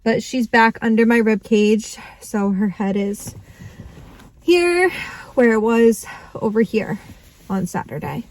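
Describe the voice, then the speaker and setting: A woman's voice: mid-range voice, fairly even intonation, a little slow, low-quality recording. A young woman vlogging right after a medical appointment, upset and close to tears, laughing nervously as she talks. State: tearful. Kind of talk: emotional personal vlog.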